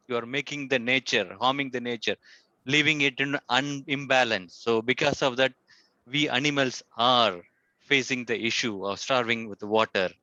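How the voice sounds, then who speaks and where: Man as an earnest crow, bright forceful voice, halting explanations, dry lo-fi audio. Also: medium pitch, no room sound, lightly acted. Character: earnest male crow lecturing humans.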